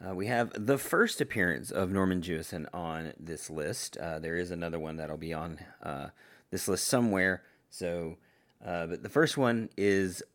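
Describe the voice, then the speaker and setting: Guy with a low voice chatting on his podcast, rambly, fixes his own words as he goes. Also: fairly bright tone. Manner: rambling, self-correcting, enthusiastic. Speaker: podcast host. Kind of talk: casual solo podcast talk.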